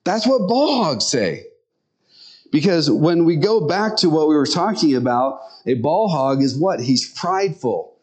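A man preaching a sermon in an earnest, conversational way, often speeding up and slowing down. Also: fairly high pitch, very animated, a little mellow. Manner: tells stories and acts out quotes.

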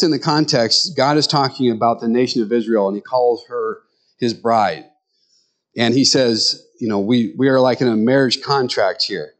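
A middle-aged male pastor giving a conversational sermon, telling stories with animated quoted voices. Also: mid-range voice.

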